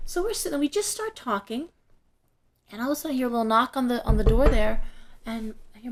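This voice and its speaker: Middle-aged lady chatting in an interview, lively storyteller, does little voices for people. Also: on the high side, quick pace. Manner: animated, acts out quoted voices when telling a story. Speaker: interview guest, shop owner.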